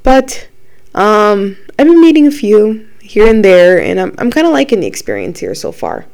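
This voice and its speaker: Young woman, 20s, podcast host; loose chatty delivery, frequent cursing, mid-pitched voice. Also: very animated, moderate pace, creaky, a little mellow. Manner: chatty, swears a lot, many ums and likes. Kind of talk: casual chat.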